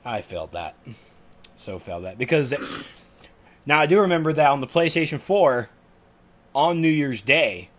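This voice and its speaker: A man's voice: medium pitch, expressive, normal speed, pauses often, a bit bright. A young man co-hosting a gaming podcast, reading forum posts aloud and chatting in a self-deprecating, easygoing way. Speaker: podcast co-host. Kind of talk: casual gaming podcast chat.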